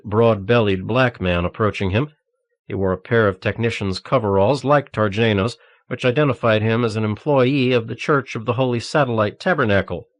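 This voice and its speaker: A man narrating an audiobook thriller in a steady, measured reading. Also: on the low side, no echo, studio quality.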